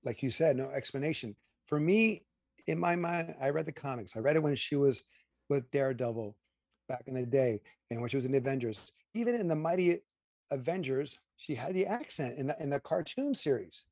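A man talking through a film review with a co-host, opinionated and emphatic. His voice sits at an ordinary pitch. The sound is dry and close, with no room around it. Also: brisk, no echo. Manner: opinionated, emphatic, animated asides. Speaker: podcast co-host. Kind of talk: casual movie review chat.

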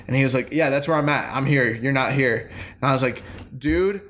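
A man's voice: mid-range voice, a little fast, fairly bright tone, slight background noise. A man co-hosting a casual wrestling podcast, telling stories with energy and acting out his own heated replies. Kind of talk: casual chat.

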